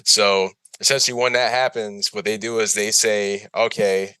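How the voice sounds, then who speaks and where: A man's voice: on the low side, fairly even intonation, normal speed, pushed and bright, smooth, no echo. A man co-hosting a podcast in casual chat, rambling and repeating himself, laughing often. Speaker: podcast co-host. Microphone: remote recording.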